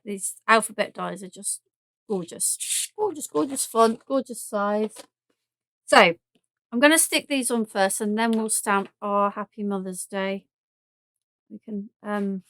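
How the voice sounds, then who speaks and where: A woman with a southern English accent chatting through a live craft demonstration, thinking aloud and joking at her own mess as she works. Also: on the high side. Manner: chatty and self-deprecating, thinking aloud while working.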